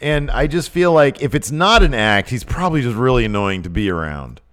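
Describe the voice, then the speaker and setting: A man co-hosting a wrestling podcast, chatting casually with animated, joking opinions. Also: mid-range voice, fairly quick. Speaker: podcast co-host. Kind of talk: casual wrestling review chat.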